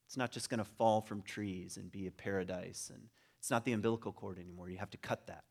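A middle-aged man giving an informal talk on religion to a group, conversational and rising into animated emphasis. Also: lowish voice, fast, vocal fry. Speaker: speaker on religion and home.

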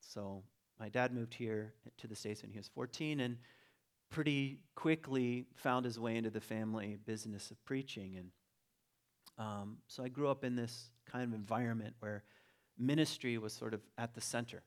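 A man's voice: medium pitch, normal speed. Man telling a family story, conversational. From Virginia. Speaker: teacher giving a talk. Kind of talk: personal storytelling talk.

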